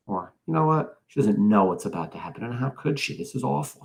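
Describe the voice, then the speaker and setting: A man's voice: mid-range voice, lively intonation, brisk, vocal fry, hardly any pauses, a little mellow. A man teaching a class, reading a novel aloud and stopping often to explain it, ask questions and comment earnestly. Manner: earnest, occasionally loses his place.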